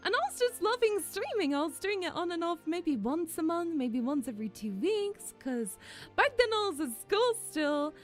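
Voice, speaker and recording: A woman's voice: very high voice, very animated, normal speed, faint music behind. A young woman VTuber chatting casually with her viewers, giggly and emotional. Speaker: VTuber streamer. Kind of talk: casual chat with stream viewers.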